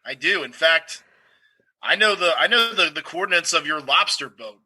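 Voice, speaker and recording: A man improvising a self-serious, threatening ninja-obsessed shop owner who speaks haltingly. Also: fairly high pitch, animated, sharp tone, full character voice, poor audio. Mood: menacing. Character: pompous ninja-obsessed bookstore owner, intense. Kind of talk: improvised comedy.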